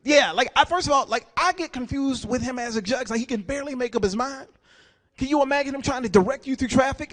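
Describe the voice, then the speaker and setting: Chatty stand-up guy with a really high voice, working a gala crowd on a stage mic. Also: fast, fairly bright tone. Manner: casual, chatty, repeats words. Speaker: stand-up comedian. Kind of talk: live stand-up set. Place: gala banquet hall with an audience.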